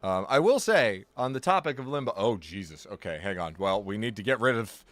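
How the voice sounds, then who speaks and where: A man with a lower, fairly bright voice and lively intonation talks briskly with few pauses, and there's no room sound. Chatting on a live game stream, he rambles, restarts often, and corrects himself, joking, exaggerating, and making fun of himself.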